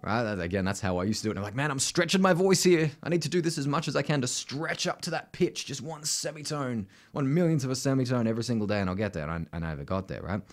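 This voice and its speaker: Aussie male vocal coach, casual teaching style, animated delivery, keeps checking in with the listener. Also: mid-range voice, quick pace, hardly any pauses. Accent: Australian. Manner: conversational, constant "right?" tags, sings demonstrations. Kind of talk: casual instructional talk.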